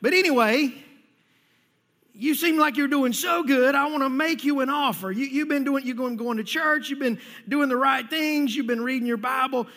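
A man acting out a scornful male devil who taunts and jeers in a very high, loud voice. The sneering lines ring out with long reverb, as if across a big hall. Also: moderate pace, full character voice. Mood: falsely friendly. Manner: mocking, louder and slightly higher than his preaching.

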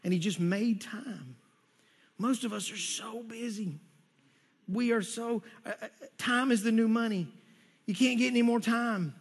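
A man's voice: high voice, a little slow, slightly rough. A male pastor giving a conversational sermon to his congregation, often repeating words as he goes. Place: church sanctuary.

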